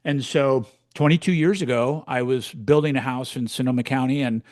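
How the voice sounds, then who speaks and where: Guy in his 60s telling stories on a podcast, blunt, cusses a lot, dry close sound, average pitch. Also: moderate pace, no echo. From California. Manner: blunt, swears freely, animated storytelling. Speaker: podcast co-host, real estate coach. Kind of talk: casual storytelling chat.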